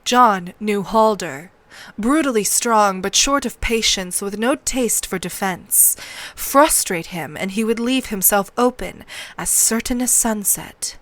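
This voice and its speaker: A woman narrating a novel aloud in a measured, steady read-along style, close to the mic. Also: medium pitch, no room sound.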